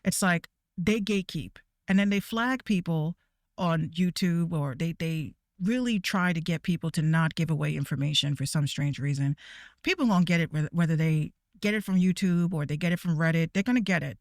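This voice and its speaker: A woman's voice: lowish voice, normal speed, no room sound, clean studio sound. Blunt, swearing woman ranting. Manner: blunt, swearing, laughs often. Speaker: VTuber show host. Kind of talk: casual profane rant.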